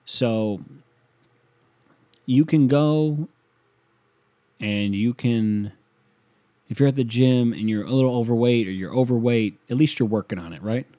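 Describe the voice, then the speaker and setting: A man's voice: mid-range voice, unhurried, pauses often, dark tone. A man delivering a profane, sarcastic comedic rant as a solo monologue.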